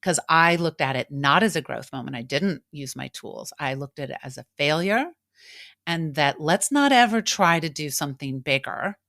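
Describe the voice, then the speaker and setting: A middle-aged woman with a notably low voice speaks candidly and reflectively, like a coach opening up in conversation. She slips into animated quoted voices now and then. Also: moderate pace, vocal fry. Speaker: coach and podcast host.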